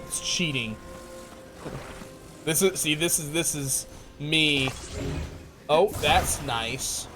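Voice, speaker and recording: A man streaming a game live, chatting casually with his viewers, excitable and laughing often. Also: on the high side, slow, pauses often, over music. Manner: excitable, laughs often, talks to chat by name. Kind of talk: casual live-stream chat while playing.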